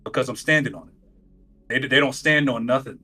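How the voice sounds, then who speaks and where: Male co-host, husky voice, mid pitch, mocking and emphatic. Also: bright, forceful tone, faint music behind. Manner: mocking, emphatic, drawn-out jabs. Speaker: co-host on stream. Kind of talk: casual stream chat.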